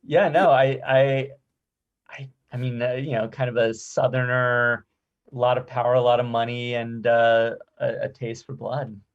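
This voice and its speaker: Man, podcast guest, measured and thoughtful, mid pitch, muffled lo-fi sound. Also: level tone. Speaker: guest screenwriter. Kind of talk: casual film discussion chat.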